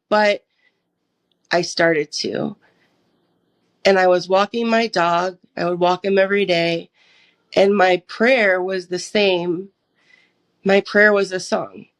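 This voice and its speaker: A young woman from the United States sharing a personal testimony as an interview guest, acting out her own past dialogue as she tells it. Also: on the low side. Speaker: podcast guest.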